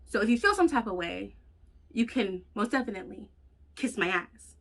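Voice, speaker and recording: A woman vlogger telling a personal story in a blunt, profane, animated way. She has children. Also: a little high, fairly quick, vocal fry. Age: adult with children. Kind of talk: casual storytelling vlog.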